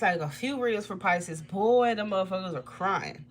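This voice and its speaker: Animated and moving at a moderate pace, a woman reading tarot on a livestream talks casually and profanely. Her frequent laughter comes with sudden high leaps in her voice.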